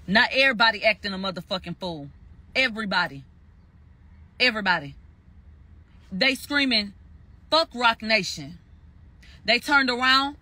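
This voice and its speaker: A man's voice: sits high, animated, normal speed, pauses often, sharp tone, dry recording. A man giving a heated spoken recap, emphatic and profane, repeating phrases for stress. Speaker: commentator recounting a court verdict.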